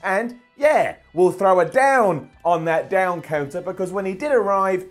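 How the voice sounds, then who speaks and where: A man hosting a wrestling video, talking in a jokey, sarcastic and animated way. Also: high-pitched, moderate pace, few pauses, soft background music. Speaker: wrestling show host. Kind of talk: casual video commentary.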